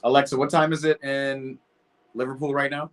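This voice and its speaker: A man's voice: medium pitch, flat delivery, normal speed. A young man hosting a football watch party stream, chatting casually and reacting to the match and his viewers. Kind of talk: casual live reaction chat.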